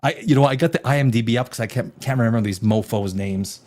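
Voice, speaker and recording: A man's voice: medium pitch, fast talker, a little mellow. A man hosting a casual live-stream TV review, rambling and exasperated, with sarcastic asides. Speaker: TV show reviewer, host.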